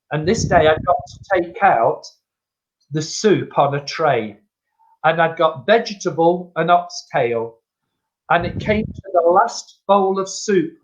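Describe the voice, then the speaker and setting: An older man, a spiritualist medium, chatting as a guest and acting out the voices in his stories. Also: a little high. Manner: acts out dialogue, laughs often, calls people "my friend". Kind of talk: chatty anecdotal storytelling. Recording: dull lo-fi call audio.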